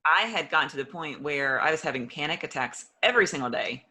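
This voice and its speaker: A woman's voice: low-pitched, lively intonation, quick pace, pushed and bright. A woman telling her personal story in an interview, earnest and openly emotional, acting out old conversations as she goes. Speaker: interview guest.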